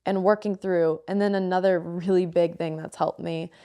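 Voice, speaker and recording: Candid woman telling a raw story, lowish voice. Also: steady tone, normal speed, mellow, smooth. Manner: emotional, frank storytelling with frequent swearing. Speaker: podcast co-host. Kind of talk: candid podcast conversation.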